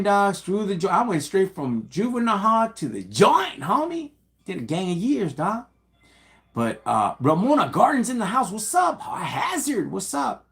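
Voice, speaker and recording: A middle-aged man with a Chicano English accent talks on a casual livestream, greeting viewers in laid-back street slang. He calls everyone "homie" and "dog" and drops Spanish words into his English. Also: high voice. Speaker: livestream host. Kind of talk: casual livestream shout-outs and talk.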